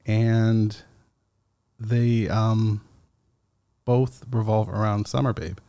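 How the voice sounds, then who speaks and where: A man hosting a casual solo podcast, talking slowly and haltingly with many fillers, still foggy after an edible. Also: on the low side, level tone, mellow. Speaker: podcast host.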